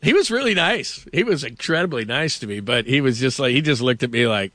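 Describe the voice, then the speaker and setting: A man hosting a sports radio show, rambling through anecdotes with quick laughs. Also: medium pitch, expressive, fairly bright tone, no echo. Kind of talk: casual radio banter.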